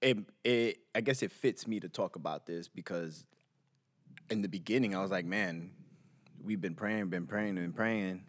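Male podcast co-host, very low voice, relaxed and reflective. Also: normal speed. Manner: laid-back, reflective, says "you know what I'm saying". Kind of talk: casual chat.

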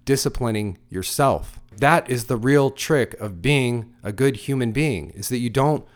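A man's voice: medium pitch, unhurried. A middle-aged man and father giving blunt, crude life advice in a motivational monologue, full of emphatic rhetorical questions.

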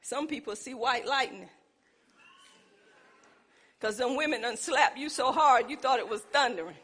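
A woman's voice: on the high side, unhurried, fairly bright tone, husky. A woman, preaching a sermon with emphatic call-and-response. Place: church sanctuary. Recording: long reverb in a church hall.

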